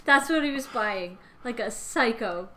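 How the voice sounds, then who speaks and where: A woman co-host, giggly and animated, who chats casually and reads the stage directions of a comedy script. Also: fairly high pitch, unhurried, poor audio. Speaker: podcast co-host reading directions. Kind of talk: casual chat and script reading.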